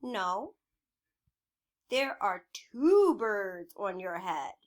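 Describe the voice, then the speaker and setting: A woman voicing a calm, helpful pig friend in a storybook, speaking matter-of-factly. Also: medium pitch, extremely slow, pitched below the performer's own voice.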